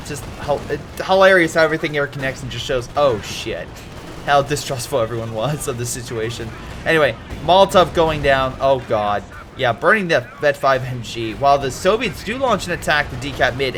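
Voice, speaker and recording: A man's voice: mid-range voice, fairly bright tone. A man casually commentating a strategy game replay, rambling into history tangents with many fillers and restarts.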